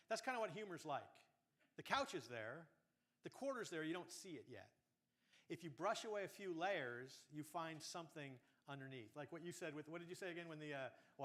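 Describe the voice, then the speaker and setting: Animated man coaching on humor. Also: on the high side. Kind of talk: coaching workshop talk.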